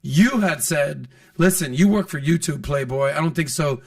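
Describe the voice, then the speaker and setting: A man hosting a podcast, talking casually and throwing himself into acted-out quotes. His voice sits a little high for a man, and he sounds a bit back from the microphone. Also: moderate pace, vocal fry, recorded from a distance. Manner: animated storyteller, acts out quotes. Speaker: podcast host.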